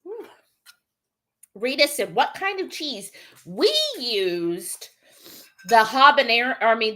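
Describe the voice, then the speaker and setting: A woman's voice: a little high, fairly bright tone. A woman co-hosting a live cooking stream, chatting casually and reading out viewer comments. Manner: chatty and laughing, lots of "like" and "y'all".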